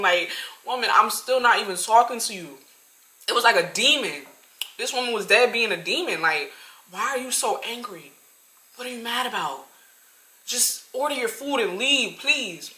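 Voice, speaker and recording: A woman in her twenties telling a story-time tale to her viewers, animated and talking straight to them. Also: on the high side, moderate pace. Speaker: vlogger. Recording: roomy echo.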